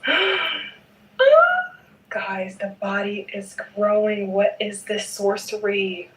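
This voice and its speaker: A woman's voice: medium pitch, echoey room, recorded from a distance, poor audio. Chatty woman vlogging from across a room. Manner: chatty, playful, emphatic with repeated "okay?". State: sleepy at night. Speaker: knitting vlogger. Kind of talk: casual vlog chat.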